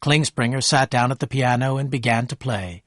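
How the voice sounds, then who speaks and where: Male narrator, clear and measured, slow learner-friendly storytelling, mid pitch, dry read. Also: fairly bright tone, no room sound.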